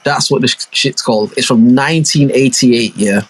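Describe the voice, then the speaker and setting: A young man, co-hosting a casual podcast chat, telling stories in animated, slangy bursts and swearing freely. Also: medium pitch, moderate pace, background noise. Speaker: podcast co-host. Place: home.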